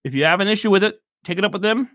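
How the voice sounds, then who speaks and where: A man's voice: sits high, animated, very fast, a bit bright, no echo, clean studio sound, voice pushed up. A man voicing an exasperated female temple shopkeeper in a patchy put-on Irish accent, in a tabletop game. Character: irritated woman shopkeeper of a temple.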